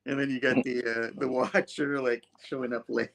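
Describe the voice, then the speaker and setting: A man chatting through a comic book review at an ordinary mid pitch. He walks through the story scene by scene, slipping into little character voices along the way. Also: flat delivery, normal speed, gravelly, few pauses, a bit bright. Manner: retells scenes, voicing characters in bursts. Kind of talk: casual comic review chat.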